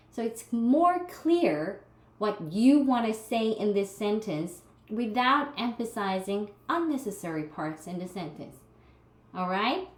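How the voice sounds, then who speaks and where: Slow, patient woman teaching writing. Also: on the high side. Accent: Korean. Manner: patient, explains step by step with examples. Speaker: writing instructor. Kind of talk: recorded lecture. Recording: echoey room.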